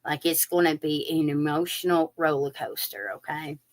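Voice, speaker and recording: Her low voice moves at a normal pace as this woman reads tarot live for her viewers. The tone is animated and conversational, aimed straight at the audience and sprinkled with fillers.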